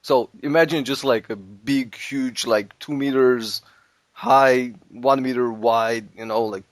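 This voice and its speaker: A man's voice: medium pitch, steady tone, takes it slowly. A man chatting casually, rambling through a comic story and laughing often. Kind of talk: casual comedic chat.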